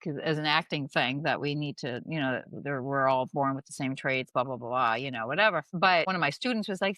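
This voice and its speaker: Rambling, animated woman on a podcast. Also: low voice, brisk, few pauses, no echo. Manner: rambling and animated, lots of "you know". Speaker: guest comedian and acting teacher. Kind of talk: casual podcast chat.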